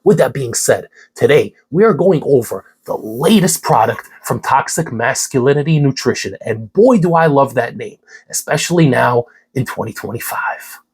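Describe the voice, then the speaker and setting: A young man with a husky, congested voice and a middle-range pitch talks through a product review with hyped, slangy energy. His voice sounds worn from a cold, yet he keeps pushing through the vlog. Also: animated, moderate pace, few pauses, a little mellow. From New York City. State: congested, hoarse voice. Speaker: supplement reviewer.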